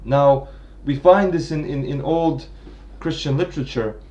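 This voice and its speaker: A man's voice: on the high side, unhurried, warm tone, lo-fi sound. A man giving an unscripted analytical talk on a literary work, thinking aloud with frequent restarts and tag questions. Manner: thinking aloud, many restarts and "right?" checks. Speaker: literature commentator.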